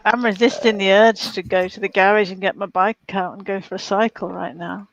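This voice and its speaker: A woman's voice: medium pitch, fairly even intonation, fairly quick, highs cut off. A woman with a Yorkshire accent chatting on a livestream call with dry teasing remarks. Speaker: guest. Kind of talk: casual livestream chat.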